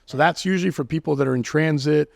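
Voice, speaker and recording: Fast-talking man explaining dating openers. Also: a little high, vocal fry, no echo, studio quality. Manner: fast animated explaining, acts out pickup lines. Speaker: guest dating coach. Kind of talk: casual podcast chat.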